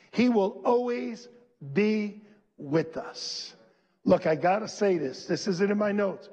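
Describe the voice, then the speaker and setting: A male pastor preaching a sermon, leading the congregation to repeat lines back, slowing on key phrases and building to shouts. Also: high-pitched, slightly rough, in a large hall, lo-fi sound. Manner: slows and stresses key phrases, rising to shouts. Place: church.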